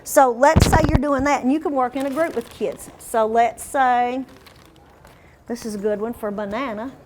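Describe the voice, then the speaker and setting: A woman leads a teacher training workshop. She quizzes the room and stretches demo words out slowly. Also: on the high side, darkish tone, slight background noise.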